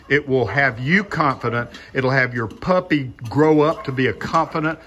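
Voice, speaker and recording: Bright-voiced chatty kennel host. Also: male voice, mid-range voice, measured pace, hardly any pauses. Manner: chatty, amused, promotional. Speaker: dog breeder and channel host. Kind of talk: casual vlog narration.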